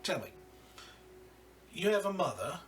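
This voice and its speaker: A man voicing a short, scarred male crime boss who talks slowly and threatens coldly. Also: high-pitched, very animated, a bit bright, far from the mic, voice pushed up, heavily acted. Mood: menacing. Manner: slow, cold and threatening.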